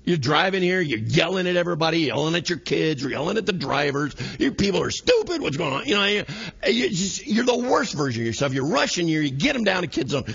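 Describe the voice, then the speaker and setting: A man's voice: fairly high pitch, sing-song, fast, gravelly, fairly bright tone, husky, highs cut off. A man in his thirties preaching a sermon in a church, acting out everyday scenes in quoted voices. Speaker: pastor. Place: church sanctuary.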